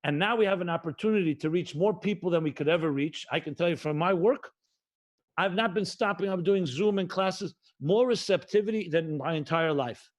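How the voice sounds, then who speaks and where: High-voiced rabbi preaching with emphatic repetition. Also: male voice. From United States. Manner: emphatic, repetitive cadence, mixes Hebrew and Yiddish terms; slows and stretches key phrases. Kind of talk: livestreamed sermon.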